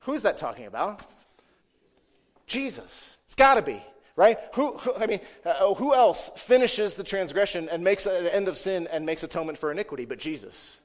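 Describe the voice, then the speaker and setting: A man's voice: high-pitched, sing-song, moderate pace, long reverb tail. A man preaching a sermon in a church, talking conversationally with constant "right?" and "okay?" check-ins, repeating himself and rising into emphatic bursts. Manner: self-correcting, repeats words; emphatic bursts when stressing a point. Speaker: pastor.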